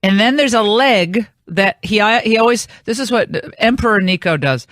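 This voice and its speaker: A woman's voice: medium pitch, animated, normal speed, fairly bright tone, no room sound, clean studio sound. A woman hosting a radio talk show, telling a long rambling anecdote in casual on-air chat. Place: radio studio.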